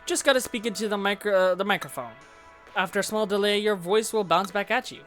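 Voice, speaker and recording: Excitable giggly gaming host. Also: medium pitch, a little fast, soft background music. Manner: excitable, giggly, self-interrupting. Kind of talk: casual gameplay commentary. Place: home room with a fan running.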